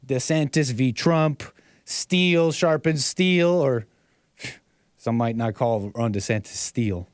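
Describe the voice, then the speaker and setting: A man's voice: on the high side, slow pace, dry recording, studio quality. A man hosting a call-in livestream show, talking casually in a rambling way, repeating phrases and chuckling often. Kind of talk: casual talk-show commentary.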